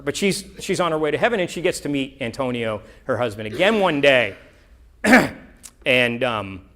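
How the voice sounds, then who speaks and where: A man's voice: mid-range voice, a bit bright. A middle-aged man gives a church mission report in an earnest, rambling way, with self-deprecating asides.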